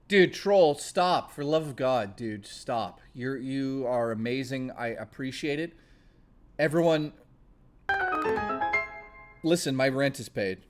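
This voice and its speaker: A man's voice: mid-range voice, expressive, slow, long pauses, soft background music. A man live-streaming, talking emotionally and rambling, stammering and swearing, close to tears. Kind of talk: casual live-stream chat.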